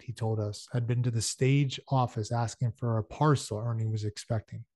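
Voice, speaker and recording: A man reads a novel aloud at a medium pitch, steady and unhurried, now and then breaking off to explain things in a casual, chatty way. The recording is dry and close, with no room sound. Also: no echo. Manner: casual explanatory asides between passages. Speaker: audiobook reader.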